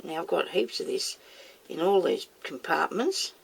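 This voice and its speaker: A woman's voice: fairly low pitch, very animated, measured pace, gravelly, breathy edge. A woman chatting casually as she demonstrates making moulds, talking herself through each step and scolding herself by name. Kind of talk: casual how-to video.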